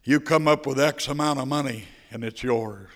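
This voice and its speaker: A man preaching, voicing a shopkeeper who speaks low, measured and gentle. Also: lightly acted. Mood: matter-of-fact. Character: calm older male shopkeeper.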